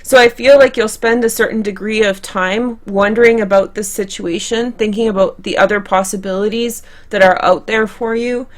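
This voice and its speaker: A woman's voice: medium pitch, steady tone, moderate pace, hardly any pauses. A young woman reading tarot cards for her viewers in a chatty, conversational way, often restarting and correcting herself. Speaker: tarot reader. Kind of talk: tarot card reading to camera.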